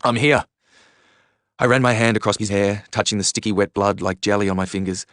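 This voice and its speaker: Low aussie guy reading a novel, earnest and measured, dry close mic. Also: steady tone, no echo. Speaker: reader. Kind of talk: audiobook narration.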